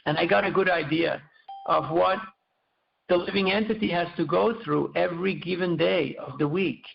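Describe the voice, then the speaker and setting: Gravelly high-voiced man giving a sermon. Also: echoey room. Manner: storytelling, measured, with fillers and repeats. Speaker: speaker giving a scripture class. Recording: dull lo-fi recording.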